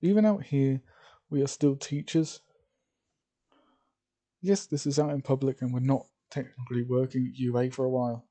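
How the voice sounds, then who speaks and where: A man's voice: medium pitch, steady tone, moderate pace, pauses often, warm tone, close to an everyday voice. A man voicing a stern, protective young woman teacher who talks in a firm, scolding way.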